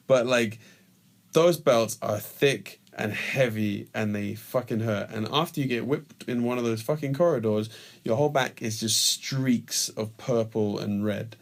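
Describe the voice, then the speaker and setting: A man's voice: fairly low pitch, creaky. A man co-hosting a podcast, teasing his partner and swearing freely. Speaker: podcast co-host. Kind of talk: casual chat.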